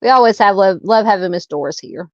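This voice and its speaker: A woman's voice: medium pitch, fairly quick, no echo. Chatty Southern woman on a lo-fi mic. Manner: relaxed and chatty, frequent ums and uhs. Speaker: true crime livestream host. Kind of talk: casual livestream chat reading viewer comments. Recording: dull lo-fi dry home mic.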